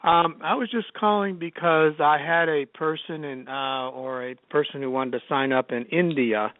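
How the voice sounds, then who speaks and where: A man's voice: on the high side, fairly even intonation, normal speed, no room sound. A man calling in with a question, speaking hesitantly with many fillers and self-corrections, heard over a tinny, dry phone line. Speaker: caller.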